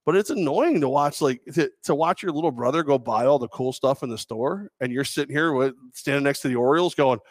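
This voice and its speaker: A man's voice: mid-range voice, brisk, few pauses, no echo. Guy cohosting a sports show, jokey and rambling, dry close headset sound. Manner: jokey, rambling, bursts into loud mocking impressions. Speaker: sports talk co-host. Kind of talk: casual sports chat. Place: studio.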